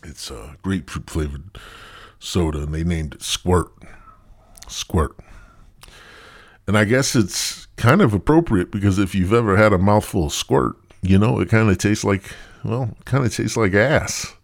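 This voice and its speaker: A man's voice: fairly low pitch, measured pace, gravelly, no echo, studio quality. A man hosting a podcast, delivering a crude, rambling comedic monologue. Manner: rambling, profane. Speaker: podcast host.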